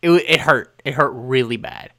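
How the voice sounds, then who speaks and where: A young man co-hosting a podcast tells a story with animated energy. He acts out the quoted lines as he goes, and his voice sits at an ordinary middle pitch. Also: moderate pace, creaky. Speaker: podcast co-host. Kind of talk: casual chat.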